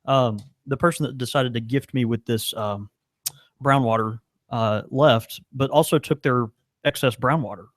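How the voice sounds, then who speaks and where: A man's voice: medium pitch, normal speed, no room sound. A man chatting as co-host on a podcast, laughing easily and restarting his sentences. His voice sits mid-range and sounds close and dry, with little room around it. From American South. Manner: laughs often, stumbles and restarts. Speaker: podcast co-host and pipe shop worker. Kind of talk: casual chat. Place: small pipe shop.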